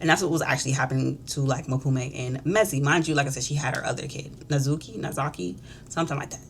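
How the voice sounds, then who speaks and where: A woman's voice: rumbling low, fast talker, creaky, a little hiss or hum. A woman chatting casually and gossipily while doing her makeup, in slang, acting out the characters' quoted lines. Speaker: beauty vlogger. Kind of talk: casual chat recapping a show.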